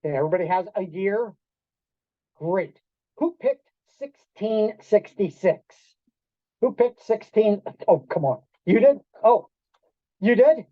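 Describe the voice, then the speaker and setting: A man giving a storytelling talk to an audience in a restaurant event room, animated, acting out quoted voices and quizzing the listeners. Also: sits high, a little slow, dry recording. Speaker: keynote speaker. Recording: dull lo-fi dry sound.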